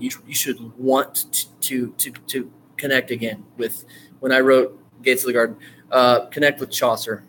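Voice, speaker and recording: A man's voice: medium pitch, a little hiss or hum. Rambling male writing instructor, enthusiastic. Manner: rambling, digressive, with many fillers and restarts; bursts of excited enthusiasm. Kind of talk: casual screen-share lecture.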